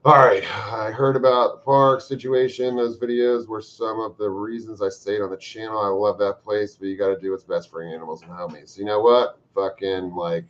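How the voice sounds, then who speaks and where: A man hosting a livestream, chatting casually and reading out viewer comments with profane, joking bursts of loud emphasis. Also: lowish voice, little pitch movement, moderate pace, few pauses. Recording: slightly dull lo-fi stream audio.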